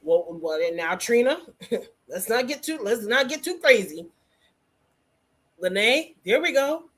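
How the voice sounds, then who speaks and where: A woman hosting a casual hair care livestream, teaching and teasing viewers by name in an animated way. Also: on the high side, slow pace, slightly rough.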